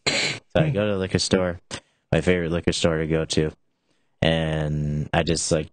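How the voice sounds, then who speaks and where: Very deep-voiced young man hosting. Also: little pitch movement, brisk, dry recording. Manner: rambling, with many restarts and filler "like". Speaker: show host. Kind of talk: casual rambling talk show.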